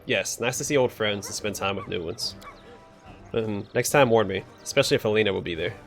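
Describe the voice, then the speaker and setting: A man's voice: lowish voice, fairly quick, faint music behind, natural voice. A man reading out the lines of an anxious, reserved male ranger companion in a video game, in a plain read-aloud way. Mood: wary.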